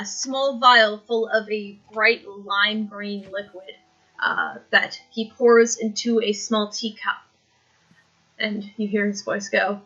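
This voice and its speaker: A woman's voice: fairly high pitch, bright, forceful tone, dull audio. A woman narrating a tabletop game as dungeon master, rambling through descriptions with many fillers.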